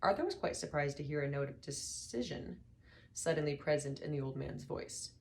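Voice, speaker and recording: A woman reading a novel aloud as narrator, in a measured, dry way. Her voice sits very low for a woman. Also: lively intonation, vocal fry, slight background noise. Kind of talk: audiobook reading.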